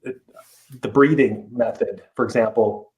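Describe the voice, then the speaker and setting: A man's voice: on the low side, measured pace, a little mellow, poor audio. A middle-aged man, a life coach guest on a podcast, talking earnestly and emphatically with frequent restarts. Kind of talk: podcast interview.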